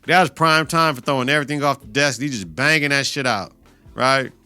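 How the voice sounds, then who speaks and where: Male podcast host, profane and animated, bright forceful voice, dry close mic. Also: medium pitch, fairly quick, smooth, dry recording, soft background music. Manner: profane, animated retelling with laughter and mock outrage. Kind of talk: episode reaction podcast.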